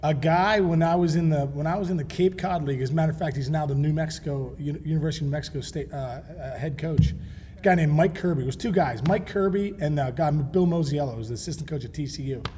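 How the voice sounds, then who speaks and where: A man in his forties from Pittsburgh, guesting on a TV talk show stage, spins stories in an animated, restless way, tripping over restarts and breaking into laughs. His voice sits a little high for a man, with a faint hum of room noise behind him. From Pittsburgh, USA. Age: 40s. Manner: animated storyteller, quick restarts, laughs often. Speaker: guest, former pro baseball player. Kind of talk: casual storytelling interview.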